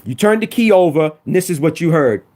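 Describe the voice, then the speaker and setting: Guy ranting at rival fans on his stream, teasing, says stuff over and over, jumps way up and down in pitch. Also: brisk, slight background noise. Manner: animated, teasing, repeats himself for emphasis. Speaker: sports fan streamer. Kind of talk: live-stream sports trash talk. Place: home room.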